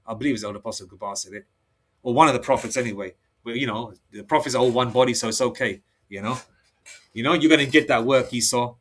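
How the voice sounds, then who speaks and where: A man preaching in a rambling, excitable monologue, with many restarts and slow read-aloud scripture passages. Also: mid-range voice. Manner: reads scripture slowly, aloud; excitable, heated outbursts. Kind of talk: solo religious monologue.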